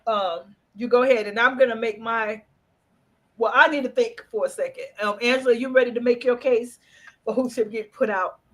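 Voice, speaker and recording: Female co-host, a touch high-pitched, expressive and lively in casual chat. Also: moderate pace. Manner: animated, expressive storytelling. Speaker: podcast co-host.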